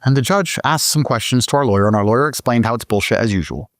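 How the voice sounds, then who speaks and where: Brief: British-born male guest, mid-pitch, cursing freely, climbs high in excitement, dry close sound. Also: quick pace, no room sound. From Britain. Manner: profane, emphatic, voice climbs high when excited. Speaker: podcast guest. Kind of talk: casual interview storytelling.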